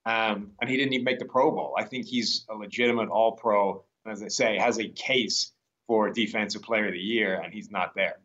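Measured male football analyst, dull line. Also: fairly low pitch, steady tone, fairly bright tone, recorded from a distance. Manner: measured, matter-of-fact analysis. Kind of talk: casual sports radio interview. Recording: slightly dull remote line.

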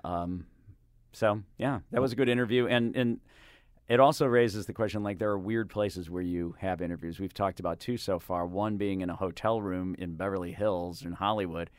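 A man's voice: low voice, steady tone, normal speed, clear, resonant tone, no room sound. A man hosting a casual radio studio chat, rambling and correcting himself as he tells stories. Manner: rambling, self-correcting, mimics voices in anecdotes. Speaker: radio host. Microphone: studio microphone.

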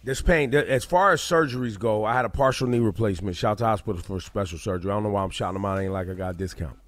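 A man's voice: fairly low pitch, rapid-fire. Blunt joking male radio host. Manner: blunt, joking, loose and rambling. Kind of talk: casual morning radio banter. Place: radio studio. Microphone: studio microphone.

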